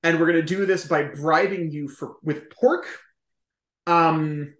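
A man speaking as a historian guest on a podcast, explaining at length in a chatty, emphatic way with quick asides. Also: on the high side, fairly even intonation, a bit bright, echoey room. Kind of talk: conversational podcast interview.

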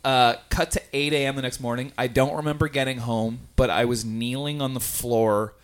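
A man hosting a comedy podcast, telling a relaxed story and laughing along. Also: mid-range voice, moderate pace, smooth. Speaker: podcast host. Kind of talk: casual podcast chat.

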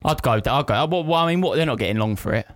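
A man's voice: medium pitch, lively intonation, fast talker, fairly bright tone, no echo, studio quality. A man co-hosting a podcast, teasing and joking in casual chat. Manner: playful, teasing banter. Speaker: podcast co-host.

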